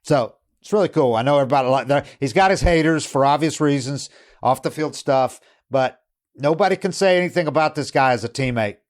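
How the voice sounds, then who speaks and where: Male sports podcast host, rambling casual delivery, mid-pitched voice, retells quotes. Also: fairly quick. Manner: rambling, with frequent restarts and quoted asides.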